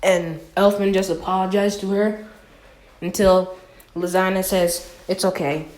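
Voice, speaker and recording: A woman casually retelling a homemade anime storyline. She talks slowly and loosely, often stopping to correct herself or reach for filler words. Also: medium pitch, little pitch movement, darkish tone. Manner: rambling, with many fillers and self-corrections.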